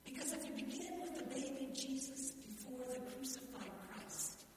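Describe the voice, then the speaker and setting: A woman preaching a sermon in a church, measured and emphatic, pausing deliberately between phrases. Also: high-pitched, big pitch swings, slight background noise. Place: large church. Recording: echoey hall from far off.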